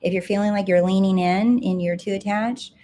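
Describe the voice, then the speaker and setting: A woman's voice: mid-range voice, steady tone, fairly quick, warm tone, a little hiss or hum. A woman success coach answering viewer comments live, direct and emphatic, repeating her key points.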